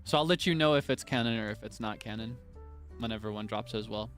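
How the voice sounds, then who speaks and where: A man's voice: fairly low pitch, fast, fairly bright tone, faint music behind. Playful, rambling male streamer. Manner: playful, rambling, self-deprecating. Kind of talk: casual chat.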